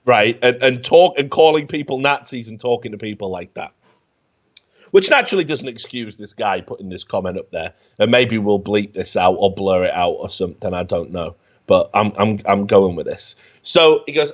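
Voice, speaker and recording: A man's voice: lowish voice, normal speed, dull audio. A man hosting a casual comedy show, reading online comments aloud and mocking them with sarcasm and frequent swearing. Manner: animated, sarcastic, swearing freely. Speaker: host.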